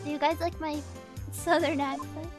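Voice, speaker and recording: A woman's voice: sits high, little pitch movement, normal speed. A woman streamer playing a video game, playful and giggly, reading the game's dialogue aloud. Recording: game music playing behind.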